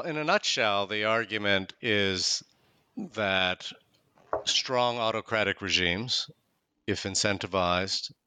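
A man, a guest author, explaining his academic argument in a measured way in an interview. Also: deep voice, pushed and bright, clear, resonant tone, no echo.

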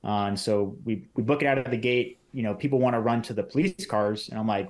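This podcast guest talks quickly with hardly any pauses, his voice on the low side, a little mellow, and fairly even in intonation. Casually relating what happened, he acts out quoted lines and uses lots of "like."

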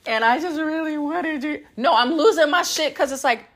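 Profane, animated woman ranting on a podcast. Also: high-pitched, moderate pace, hardly any pauses, slightly rough. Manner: blunt, profane, animated, laughs often. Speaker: podcast host. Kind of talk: casual solo podcast rant.

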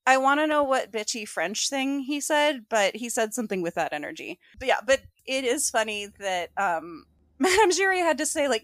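A young woman riffs through a casual book discussion with sarcastic, animated energy and the odd swear. Her voice sits a little high, and the recording is very dry and close. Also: moderate pace, no echo. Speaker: podcast co-host. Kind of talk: casual book-club chat.

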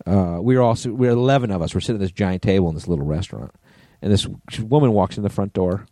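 A middle-aged man chats on a podcast in a relaxed, mellow voice. His stories wander, with plenty of restarts and casual swearing, and the close, dry studio sound keeps him right up front. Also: sits low, fast talker, no echo. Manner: rambling storyteller with many restarts and profanity. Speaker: podcast co-host. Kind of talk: casual chat.

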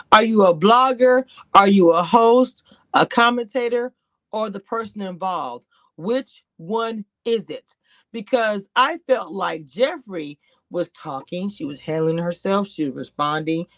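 A woman giving chatty, animated reality-TV commentary on a livestream, talking straight to her chat. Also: medium pitch, no room sound. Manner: grows exasperated and incredulous. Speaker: YouTube commentator.

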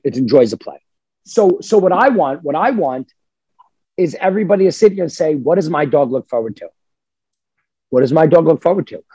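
Male dog trainer, husky and a little high, emphatic podcast chatter in a dry room. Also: dry recording. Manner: emphatic, animated, acts out dog voices. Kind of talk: casual podcast chat.

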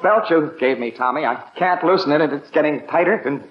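An actor playing a flustered, put-upon father in a 1950s radio sitcom, excitable and exasperated, on a dull old broadcast recording. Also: fairly high pitch, fairly quick, echoey room, slight background noise, lightly acted. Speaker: father of the household.

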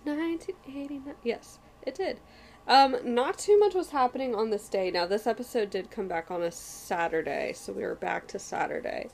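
Gravelly-voiced woman podcast co-host. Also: a little high, normal speed, a little mellow, slight background noise. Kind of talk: casual chat recapping a sitcom episode.

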